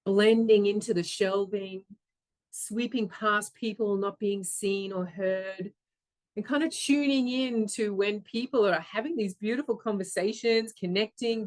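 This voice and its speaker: Woman, middle-aged, slow delivery, self-mocking, acts out her thoughts. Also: medium pitch. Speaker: speaker. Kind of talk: storytelling talk.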